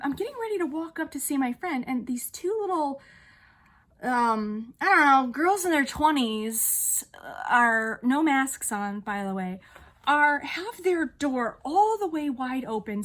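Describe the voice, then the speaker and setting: A young woman vlogger telling an angry story, still riled up, swearing and animated as she retells it. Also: sits high. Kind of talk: emotional vlog storytelling.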